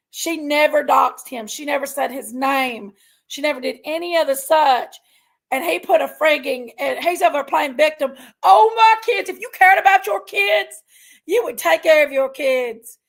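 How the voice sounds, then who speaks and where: A woman ranting to her viewers in a heated, casual way. She is emotional and fired up, and keeps telling herself to calm down. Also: sits high, normal speed, gravelly. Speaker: online commentary streamer.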